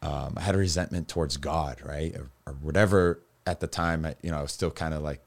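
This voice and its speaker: A man's voice: a bass voice, fairly even intonation, brisk, gravelly. A man telling his own story as a guest, rambling and candid, with lots of restarts and fillers. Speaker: guest recounting his recovery.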